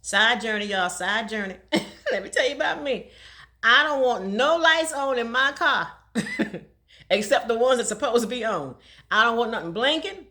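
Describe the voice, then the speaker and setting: A woman telling a personal story in a casual vlog, talking fast and laughing often. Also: on the high side, animated, pushed and bright. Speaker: vlogger.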